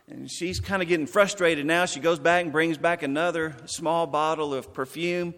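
A man's voice: fairly high pitch, steady tone, a bit bright. Man, sermon, emphatic repeated phrases, reverberant hall. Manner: folksy joke-telling, then slow emphatic repetition. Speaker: pastor.

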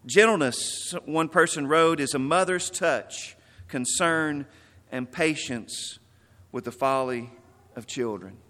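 A man preaching a sermon as pastor, telling stories and stressing words, then dropping softly. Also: fairly high pitch, takes it slowly, long reverb tail.

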